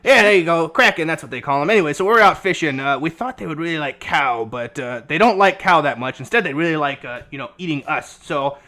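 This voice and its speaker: A man's voice: fairly high pitch, expressive, fast talker, few pauses, sharp tone. A man doing a rambling, grumbling eccentric doctor. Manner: rambling, distracted, folksy grumbling.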